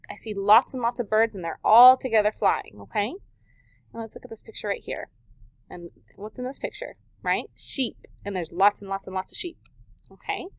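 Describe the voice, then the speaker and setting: Woman teacher for a children's vocab video, lively and question-led, slightly high voice, dry recording. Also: dry recording. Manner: animated, questioning, stretches words for emphasis.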